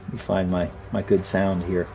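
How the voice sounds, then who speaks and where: A man narrating a tabletop game as game master, in a relaxed, hesitant way. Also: deep voice, normal speed, creaky, soft background music.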